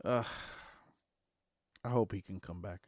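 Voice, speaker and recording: A man's voice: on the low side, measured pace, a little mellow. A man co-hosting a podcast, giving blunt opinions in casual chat. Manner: agreeing backchannels, blunt opinions. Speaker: podcast co-host.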